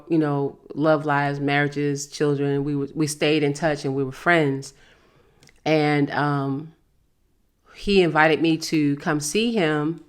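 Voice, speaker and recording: Host, woman in her fifties, low and earnest, candid casual talk. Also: a bit bright. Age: 50s. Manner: candid, earnest, plain-spoken advice.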